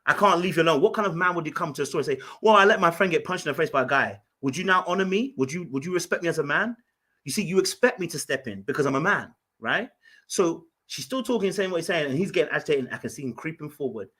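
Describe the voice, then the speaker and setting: A man from Ghana, telling an animated story in casual podcast chat, full of fillers and restarts. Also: fairly high pitch, fast, husky. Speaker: podcast guest.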